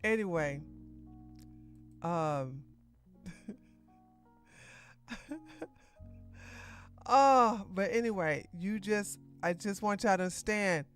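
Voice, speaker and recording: A woman's voice: medium pitch, expressive, takes it slowly, soft background music. A woman hosting a political news livestream, talking loosely with many restarts and asides. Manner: rambling, restarts, talks back to clips. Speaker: podcast host. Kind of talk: casual political commentary livestream.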